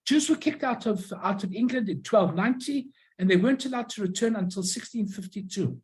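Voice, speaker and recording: Halting speaker presenting old postcards. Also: mid-range voice, a little mellow, poor audio. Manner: halting, many restarts and self-corrections. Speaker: presenter showing a collection of stamps and postcards. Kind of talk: informal illustrated talk.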